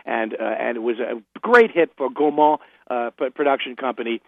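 An older radio guest speaks by phone in a creaky, mid-range voice at normal speed, with no echo on the line. He swaps stories in a relaxed interview, laughing and restarting as he goes.

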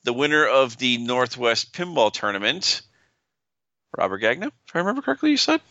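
A man co-hosting a casual podcast chat from a room at home, giving short, deadpan replies. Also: medium pitch, fairly quick, no echo, highs cut off. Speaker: podcast co-host.

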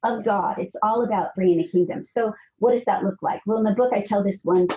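A woman author speaks as a podcast guest, earnest and emphatic. Her voice is mellow and warm, and she repeats phrases as she builds a point. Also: mid-range voice, brisk, a little hiss or hum, low-quality recording. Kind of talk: conversational storytelling.

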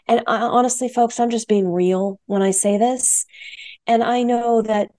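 A woman's voice: medium pitch, moderate pace, darkish tone, dry recording, clean studio sound. A woman co-hosting a health radio show, talking frankly and emphatically and repeating phrases for stress. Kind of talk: candid health talk.

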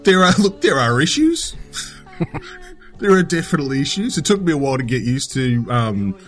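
A man's voice: a little high, big pitch swings, moderate pace, faint music behind. A man with an Australian accent, just woken up, talking in a rambling, stop-start way as a podcast guest.

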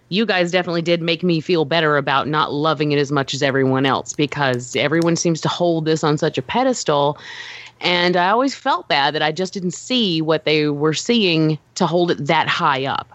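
A woman co-hosting a casual film-review podcast, speaking in a measured, hesitant way with many fillers. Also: fairly low pitch, a bit bright, no echo. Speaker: podcast co-host. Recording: dry, dull lo-fi sound.

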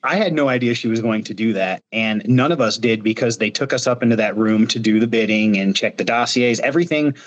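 Animated storyteller man from Ohio. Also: medium pitch, brisk, hardly any pauses, highs cut off. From Ohio, United States. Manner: animated storyteller, gestures with his hands. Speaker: reality show contestant guest. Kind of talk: casual video interview.

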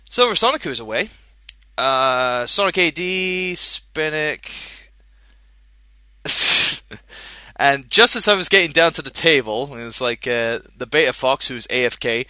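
A man's voice: fairly high pitch, lively intonation, a little slow, pushed and bright, clean tone, dry recording, clean studio sound. A man hosting a podcast, chatting casually and jokily, rambling with many fillers. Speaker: podcast host. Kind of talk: casual chat.

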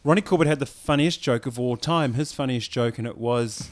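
A man's voice: mid-range voice, brisk, dry recording. Hesitant New radio host, man. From New Zealand. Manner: hesitant, lots of ums and restarts. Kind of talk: casual radio banter. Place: radio studio.

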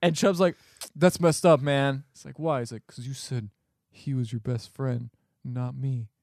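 A man's voice: mid-range voice, normal speed, creaky, a little mellow, dry recording, studio quality. Sarcastic man recapping a bad movie. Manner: sarcastic, exasperated retelling with profanity. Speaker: podcast co-host recapping a movie. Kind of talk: casual chat.

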